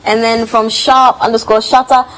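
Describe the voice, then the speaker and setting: A woman co-hosting a TV entertainment show, reacting quickly and reading out celebrity news. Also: a little high, flat delivery, a bit bright, rough recording. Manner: quick reactions, reads headlines. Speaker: TV show co-host. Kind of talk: casual entertainment chat.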